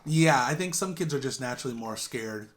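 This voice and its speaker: A man's voice: medium pitch, lively intonation, a little fast, fairly bright tone. A man co-hosting a casual vlog chat, easygoing and agreeable, often laughing along. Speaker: co-host.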